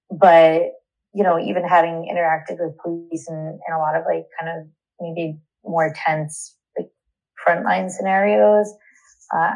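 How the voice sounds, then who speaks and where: A young woman giving a candid, indignant personal account in an interview, halting and restarting as she speaks. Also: low voice, darkish tone, poor audio.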